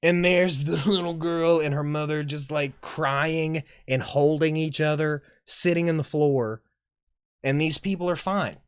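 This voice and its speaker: A man's voice: fairly high pitch, fairly even intonation, a little slow, clear, resonant tone. A man hosting a live chat, recapping a horror movie in a sarcastic, exasperated way that is full of swearing. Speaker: horror movie reviewer and host.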